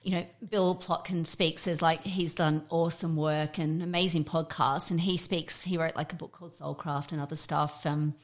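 A woman's voice: low voice, fairly even intonation, normal speed, hardly any pauses. A woman in her fifties, a guest, telling stories in a reflective, casual way with many fillers. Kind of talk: casual chat.

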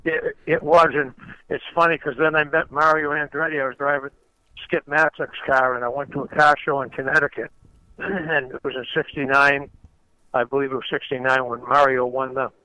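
Speaking as a guest, this retired race car driver, an older man, spins conversational stories in a meandering way, frequently starting his phrases over. His tone is mid-range, sharp and clean, with little pitch movement, a normal pace and no echo, though the audio itself sounds dull and lo-fi.

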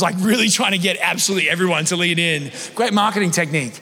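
A man in his thirties preaches in a high voice, telling stories casually and poking fun at himself. His voice rings out with a long reverb from a church hall. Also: fast talker, hardly any pauses, sharp tone. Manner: conversational, self-deprecating storytelling. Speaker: pastor. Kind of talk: sermon.

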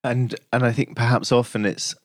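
A man interviewing a guest, asking measured, thoughtful questions. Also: medium pitch, flat delivery, no echo, clean studio sound.

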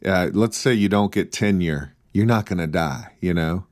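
A man with a very deep voice chats with dry, wry humor and tells stories at length. The mic is close and the sound dry. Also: moderate pace, a little mellow, dry recording. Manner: dry humorous, storytelling, mock-announcer bits. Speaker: podcast co-host. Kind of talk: casual chat.

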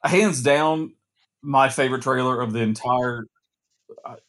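A man co-hosting a gaming podcast, enthusiastic and quick to react. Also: medium pitch, fairly bright tone. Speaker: podcast co-host. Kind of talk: casual gaming podcast chat.

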